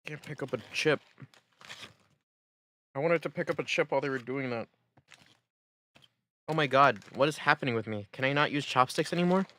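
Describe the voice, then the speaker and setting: A man streamer giving casual, joking gameplay commentary with animated reactions. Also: medium pitch, moderate pace, pauses often.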